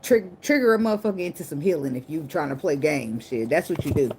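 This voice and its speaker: A woman with a low voice gives a casual tarot reading to her camera. She talks bluntly, swears freely and jokes as she goes. Clicks and the shuffle of cards are clearly heard under her voice. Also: animated, quick pace, darkish tone, slight background noise. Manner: blunt, profane and joking. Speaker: tarot reader. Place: indoors at night under a ring light.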